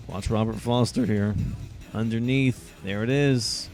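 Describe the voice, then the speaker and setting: A young man doing live play-by-play for a video football game, keeping his excitement quiet so as not to wake his housemates. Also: fairly low pitch, measured pace, soft background music. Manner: holding back his volume, hyped but quiet. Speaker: play-by-play commentator. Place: shared house at night.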